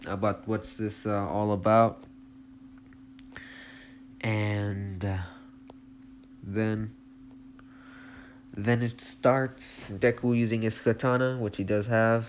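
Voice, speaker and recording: A man's voice: on the low side, slight background noise. A young man casually retelling a fan story, rambling and hesitant with many restarts.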